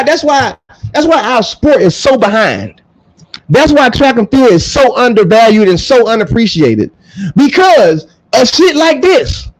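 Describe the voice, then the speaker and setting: A man rants straight to camera, blunt and profane. His voice sits unusually high and leaps around wildly, dropping low for emphasis and jumping up in mock dialogue. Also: low-quality recording. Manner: blunt, profane, animated, swings between loud and low. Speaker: track coach and vlogger. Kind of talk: ranting to camera.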